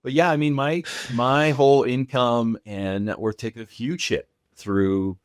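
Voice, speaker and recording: A man's voice: mid-range voice, fairly even intonation, measured pace, clean tone, dry recording, studio quality. A man of fifty, a guest on a podcast interview, talking confidently and reassuringly about his own story. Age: 50s. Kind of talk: casual interview chat.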